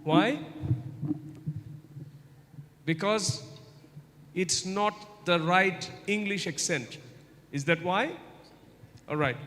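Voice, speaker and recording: A man's voice: high voice, bright, forceful tone. A man giving an informal guest lecture to university students, coaxing answers with repeated questions. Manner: interactive, keeps asking the audience questions; slow, deliberate delivery with repetitions. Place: large university hall. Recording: long hall reverb.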